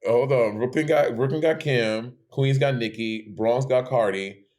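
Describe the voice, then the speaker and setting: Sassy podcast co-host, man, mid-pitched, teasing banter. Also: unhurried, a little mellow. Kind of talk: casual chat.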